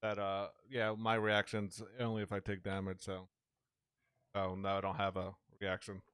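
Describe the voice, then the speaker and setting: A man's voice: deep voice, monotone, normal speed, fairly bright tone, clear, resonant tone, no echo, clean studio sound. A laid-back man playing a tabletop game over a voice call, his voice run through a robotic, hollow filter. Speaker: player. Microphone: online voice call.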